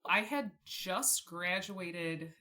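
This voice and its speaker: Bright-voiced chatty young woman. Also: on the low side, extremely slow. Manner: chatty, laughs often, fillers like "like". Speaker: podcast guest. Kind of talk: casual storytelling.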